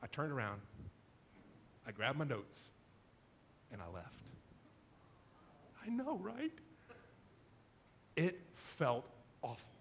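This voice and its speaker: A middle-aged man preaching a sermon, telling a self-deprecating story in an animated, conversational way. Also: mid-range voice, slow pace, gravelly, long pauses, slight background noise. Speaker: pastor.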